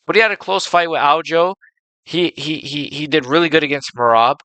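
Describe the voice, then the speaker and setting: Bright-voiced young man ranting about fights. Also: on the high side, fairly quick, no echo, poor audio. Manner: animated, ranting, swears freely. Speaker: MMA reaction channel host. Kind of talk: casual reaction commentary.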